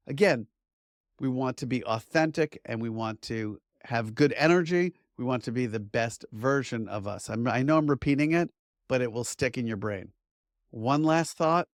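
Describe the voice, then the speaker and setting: A man's voice: medium pitch, expressive, normal speed, dry recording, studio quality. A middle-aged man, a media trainer, giving an upbeat, conversational lesson to camera. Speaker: media trainer and course instructor. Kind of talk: instructional talk to camera.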